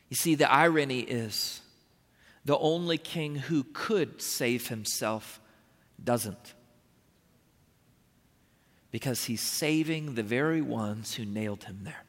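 A man's voice: mid-range voice, takes it slowly, pauses often. A man pastor giving an earnest sermon in a church, pleading with his listeners and building to emphatic rises. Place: church sanctuary. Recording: long reverb of a large hall.

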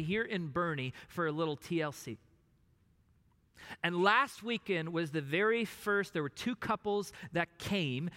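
A pastor preaching a sermon emphatically, dropping at times to a hushed voice. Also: male voice, high-pitched. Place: church sanctuary. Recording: long reverb of a large hall.

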